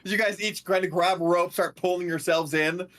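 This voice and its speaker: Halting man narrating as game master. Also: high voice, fairly even intonation, fairly bright tone. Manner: halting, many fillers.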